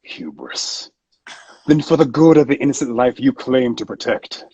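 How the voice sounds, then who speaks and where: A man voicing a pompous, entitled male villain who sounds tired of it all, in a slow, deep, disdainful drawl over a video call. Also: expressive, dark tone, slightly rough, no room sound, dull audio. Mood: scornful.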